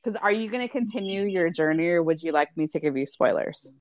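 A woman's voice: lowish voice, animated, fairly quick, dry recording. A woman co-hosting a casual chat podcast, making dry, matter-of-fact remarks. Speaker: podcast co-host.

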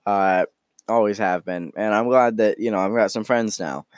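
A man voicing a gentle, lonely young man who talks haltingly and rambles. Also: lowish voice, no echo, studio quality, close to an everyday voice. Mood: earnest.

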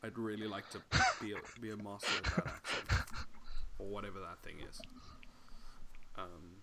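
A man's voice: fairly low pitch, fairly even intonation, moderate pace, very noisy. A man on a podcast, chatting casually, rambling, swearing often and correcting himself, over a video call. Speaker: podcast co-host. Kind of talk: casual chat.

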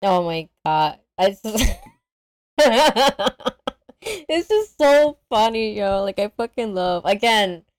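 A woman co-hosting a casual movie podcast, excitable and laughing, with casual swearing. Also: mid-range voice, takes it slowly, no room sound. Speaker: podcast co-host. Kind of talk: casual movie review chat.

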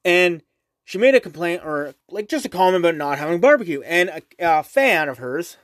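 Young male podcast host, high-pitched, rambling profane rant, dry close-miked sound. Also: sing-song, normal speed, no echo. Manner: rambling, profane, keeps asking "right?". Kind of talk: casual solo podcast rant.

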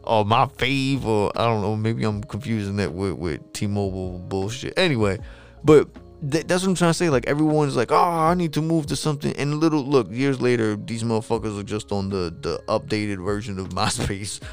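A man's voice: on the low side, moderate pace, soft background music. Rambling, cussing New man. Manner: rambling, profane, loses his train of thought. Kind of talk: casual monologue.

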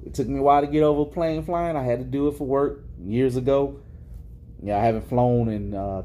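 A man's voice: mid-range voice, warm tone. A man co-hosting a podcast in casual chat, joking and swearing freely as he talks. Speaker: podcast co-host.

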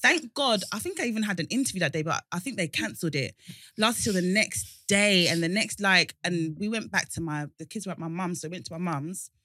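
A woman telling a story in casual chat, animated and laughing often. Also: on the low side, a little fast, dry recording.

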